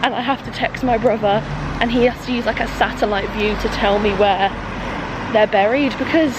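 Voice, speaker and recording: Young woman vlogger, high-pitched, sweary deadpan jokes, phone-recorded with background traffic noise. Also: moderate pace. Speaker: vlogger and podcaster. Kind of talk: casual day-in-my-life vlog talk to camera. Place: in a car, then outdoors walking, then at home.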